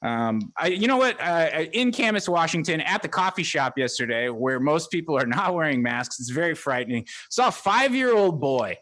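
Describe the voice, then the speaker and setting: A man's voice: on the high side, very animated, moderate pace, hardly any pauses, a bit bright. A man rambling in a jokey, self-mocking way as a comedy guest, talking from his living room on a video call. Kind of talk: casual rambling comedic chat.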